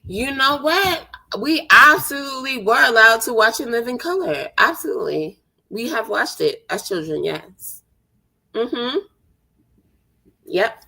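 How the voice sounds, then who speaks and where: A sassy woman in her thirties, teasing and quick to banter. Her voice sits a little high and rings bright and forceful. She talks in a loose, casual chat style. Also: expressive, creaky, rough recording. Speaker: chat partner.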